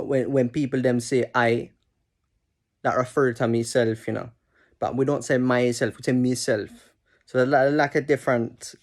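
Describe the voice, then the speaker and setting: A man's voice: mid-range voice, a little mellow, lightly acted. Easygoing jamaican guy, chill and upbeat, man doing the voice. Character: laid-back Jamaican man with dreadlocks.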